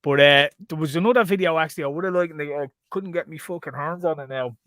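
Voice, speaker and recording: Guy cohosting a chat show, swears a lot, does little voices, dry sound, a bit high. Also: fast, dry recording. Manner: swearing, animated storytelling with mimicked voices. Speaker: podcast co-host. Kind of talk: casual chat.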